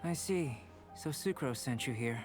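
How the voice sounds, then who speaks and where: An actor playing a calm, detached young alchemist and painter who talks in an even, scholarly, slightly bored cadence. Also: male voice, mid-range voice, measured pace, soft background music, close to an everyday voice.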